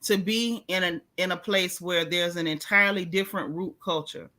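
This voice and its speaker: A woman hosting a casual gossip chat about reality TV, talking in an animated, sassy, emphatic way with frequent restarts. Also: on the low side, normal speed. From United States. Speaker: host.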